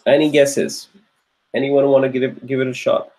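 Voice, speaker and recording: This live online grammar lecture features a man with a mid-range, slightly mellow voice, speaking at normal speed in a level tone. He drills students patiently and encouragingly, repeating his questions and praising them by name as they answer, over poor audio.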